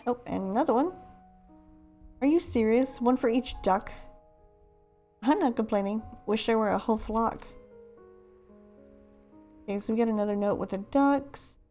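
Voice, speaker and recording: A woman's voice: a little high, normal speed, long pauses, dark tone, faint music behind. Chatty woman playing a video game. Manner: chatty, self-deprecating, laughs often. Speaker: let's-play host. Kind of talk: casual game commentary.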